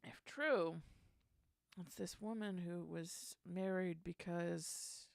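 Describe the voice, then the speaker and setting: Woman songwriter chatting thru lyrics, bit of vocal fry, dry close sound, mutters lines to herself. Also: fairly low pitch, slow, no room sound. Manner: thinking aloud, trying lyric lines in soft whispers. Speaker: songwriter hosting a songwriting stream. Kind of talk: casual songwriting chat.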